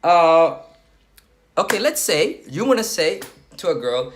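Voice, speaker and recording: A man's voice: a little high, sing-song, unhurried, slight background noise. A man coaching on approaching women, talking bluntly and crudely and checking in with "okay?" as he goes, while sweating. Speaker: dating coach. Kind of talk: casual talking-head advice.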